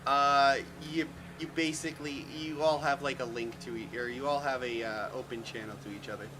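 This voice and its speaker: A man's voice: mid-range voice, fairly even intonation, fairly quick, noisy background. A man running a tabletop game as game master, rambling with fillers and restarts.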